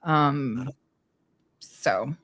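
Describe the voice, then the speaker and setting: A woman's voice: a bass voice, drawn-out words, fairly bright tone, slightly rough. A woman hosting a casual political talk show, reading news aloud in a loose way with hesitant fillers. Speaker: show host.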